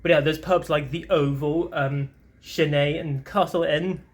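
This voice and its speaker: A man's voice: fairly high pitch, fairly even intonation, a little slow. A man chatting casually in a travel vlog, upbeat and rambling, with lots of ums as he talks while walking around a city. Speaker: travel vlogger. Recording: street traffic noise behind.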